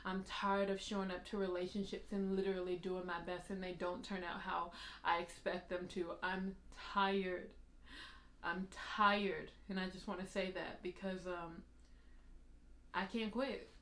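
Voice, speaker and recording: A woman's voice: lowish voice, completely flat delivery, normal speed. A woman from the United States hosting a confessional vlog, talking candidly and laughing through tired, tearful admissions. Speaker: vlog host. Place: her apartment. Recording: roomy apartment echo.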